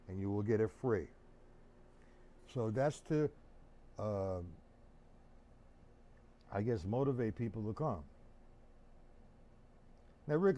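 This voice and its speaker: A man's voice: mid-range voice, dark tone. A man teaching rudiments on a live-streamed drum lesson, counting beats aloud and chatting with viewers by name. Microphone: streaming setup. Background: snare drum playing.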